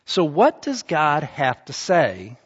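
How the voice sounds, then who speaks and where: A male pastor delivering a sermon in a church, talking to the crowd in a chatty but emphatic way and hammering phrases by repeating them. His voice sits a little high for a man. The recording is muffled and carries a long reverb from a big hall. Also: wildly swooping pitch, slow pace, breathy edge.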